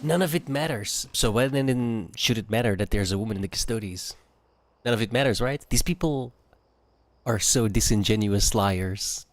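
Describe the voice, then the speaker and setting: A man's voice: on the low side, normal speed, no room sound. A man giving blunt, dismissive and insulting commentary on a livestream.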